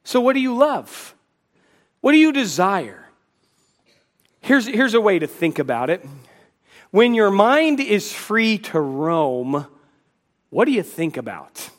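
A man's voice: sits high, very animated, slow, long pauses. A man preaching a sermon to a congregation, emphatic, asking rhetorical questions and slipping in dry humor. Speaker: pastor.

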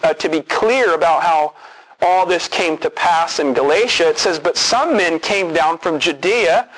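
A male preacher with a high voice works through scripture in an earnest sermon. He leans hard on key words and repeats them for emphasis. The sound has the quality of a radio broadcast. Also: measured pace, fairly bright tone, poor audio. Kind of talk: expository sermon.

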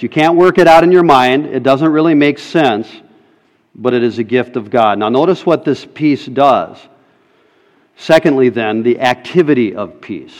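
A man preaching a sermon emphatically, putting rhetorical questions to his congregation. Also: fairly high pitch. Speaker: pastor. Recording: long reverb in a hall.

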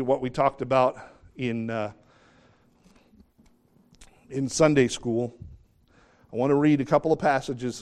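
A man's voice: medium pitch, a little mellow. Middle-aged male preacher, earnest, emphatic sermon delivery with direct questions to listeners. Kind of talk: sermon with scripture reading.

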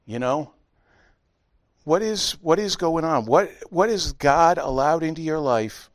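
A middle-aged man preaching a sermon as pastor, telling stories with lively impressions. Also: a little high, a little slow. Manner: animated storytelling with honking impressions.

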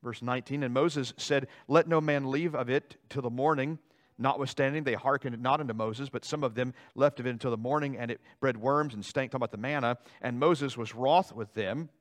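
A male pastor preaching a sermon in a church, animated, swinging between loud dramatic outbursts and quiet asides. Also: medium pitch, a little fast. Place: church sanctuary.

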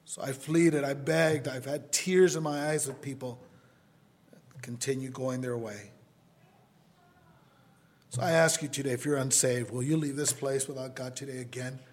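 A man preaching a sermon as pastor, pleading with his listeners and swinging between loud appeals and quiet asides. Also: medium pitch. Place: church sanctuary.

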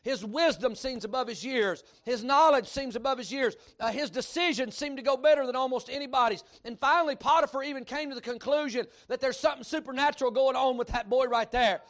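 A middle-aged pastor from Kentucky, USA, with a Kentucky accent and a strikingly high voice, preaches a sermon. He tells folksy stories animatedly, rises into shouts, and speaks fairly quickly with hardly any pauses.

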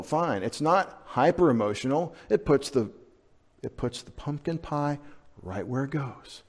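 Male pastor, mid-pitched voice, conversational sermon delivery with emphatic stretches and questions to the congregation. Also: expressive, a little slow.

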